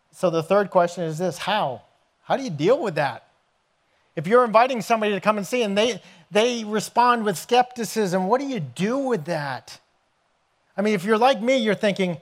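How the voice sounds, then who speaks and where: A man preaching a sermon as pastor, telling scripture stories in an animated way and acting out the scenes. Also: sits high, normal speed. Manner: animated storytelling, acts out scenes with raised voice.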